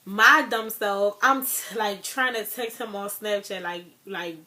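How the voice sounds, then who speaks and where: A woman's voice: mid-range voice, measured pace, hardly any pauses, bright, forceful tone. Young woman rambling through a storytime. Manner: loose rambling retelling, heavy on fillers and addressing viewers. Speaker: vlogger. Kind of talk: casual storytime vlog.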